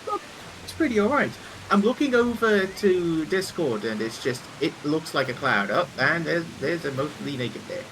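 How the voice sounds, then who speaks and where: A man hosting a game stream who rambles and restarts his sentences. His voice moves up and down lively. A steady hiss runs under the recording. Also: on the high side, moderate pace, few pauses, low-quality recording. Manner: rambling, self-correcting, laughs easily. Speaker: stream host reading a game. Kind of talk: casual chat.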